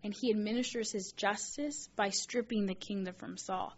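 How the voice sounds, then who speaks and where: A woman's voice: medium pitch, normal speed, dull audio. A woman reading scripture aloud and explaining it with questions to her listeners. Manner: reads aloud then asks questions, animated asides. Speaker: bible teacher.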